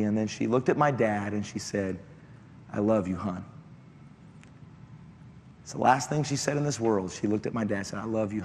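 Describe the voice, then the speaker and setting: A man preaching a sermon built on a personal testimony, telling the story in an impassioned way that climbs into shouted appeals. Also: lowish voice. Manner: impassioned, rising to shouted exhortation. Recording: echoey hall, faint background noise.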